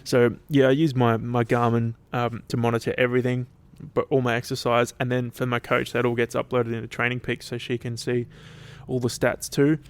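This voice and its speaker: A man's voice: mid-range voice, monotone, a little fast, hardly any pauses, clean tone. A young Australian man hosting his podcast alone, chatting casually in a loose, rambling and sweary way. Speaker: podcast host. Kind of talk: casual solo chat.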